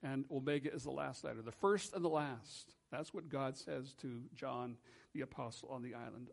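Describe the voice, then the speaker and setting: A man preaching a sermon as pastor in a church, earnest and measured, slowing and dropping soft for emphasis. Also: mid-range voice, vocal fry.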